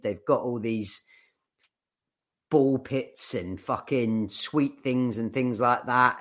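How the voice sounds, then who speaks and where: A man's voice: mid-range voice, fairly bright tone. A young man co-hosting a podcast, chatting loosely with lots of swearing and restarts. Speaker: podcast co-host. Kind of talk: casual chat.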